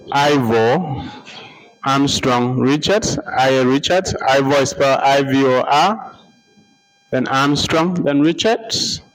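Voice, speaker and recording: A man giving a lecture, slowly repeating names and spelling them out letter by letter for note-taking. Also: medium pitch, poor audio. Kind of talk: slow dictation-style lecture.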